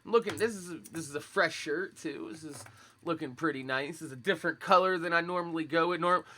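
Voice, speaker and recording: A young man, talking laid-back and profane in sneaker-head slang. His voice is high for a man and very bright and sharp, with a groggy morning roughness. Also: a little fast. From Philadelphia, USA. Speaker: sneaker vlogger. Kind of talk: casual chat to live viewers.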